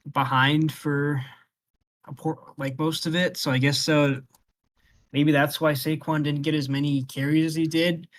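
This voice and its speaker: A man's voice: a little high, fairly bright tone. A man co-hosting a casual sports talk show, laid-back and agreeable. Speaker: sports podcast co-host. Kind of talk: casual chat.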